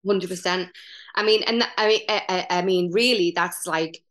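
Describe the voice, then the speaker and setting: A woman's voice: lowish voice, moderate pace. Chatty middle-aged woman improv teacher. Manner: chatty, animated, frequent fillers and restarts. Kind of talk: casual podcast chat.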